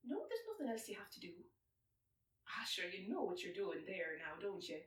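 An Irish woman doing a whispered role-play, soft and breathy, awkward and self-mocking as she keeps stopping to chat. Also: medium pitch, very animated, moderate pace, slight background noise.

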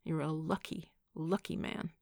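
A woman's voice: low voice, steady tone, unhurried, gravelly, darkish tone, no room sound, clean studio sound, full character voice. A woman voicing playful boisterous young man. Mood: teasing. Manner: boisterous, teasing, grand.

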